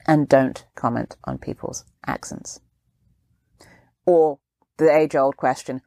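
A woman's voice: deep voice, a little slow, dark tone, dry recording, studio quality. A woman hosting a solo podcast on careers, talking conversationally and acting out quoted questions in a raised voice. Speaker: podcast host, career coach.

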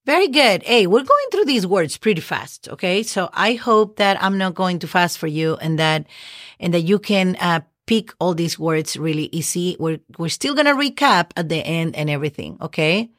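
A woman's voice: fairly low pitch, animated, moderate pace, fairly bright tone, dry recording, studio quality. A woman hosting a podcast language lesson, patiently spelling words letter by letter and checking in with "okay?". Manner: checks in often with "okay?" and "right?". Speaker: Spanish teacher and podcast host.

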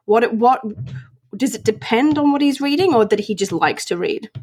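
A young woman co-hosting a casual podcast chat, talking in quick loose bursts full of "like" and restarts, and laughing often. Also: on the high side, expressive, a little mellow, slightly rough. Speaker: podcast co-host.

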